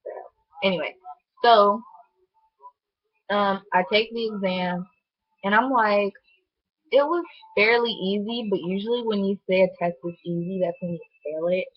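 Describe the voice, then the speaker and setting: A young woman telling a personal story to camera in a chatty, animated way, full of "like" fillers. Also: mid-range voice, a little slow, long pauses. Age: young adult. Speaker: vlogger. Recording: dull lo-fi sound.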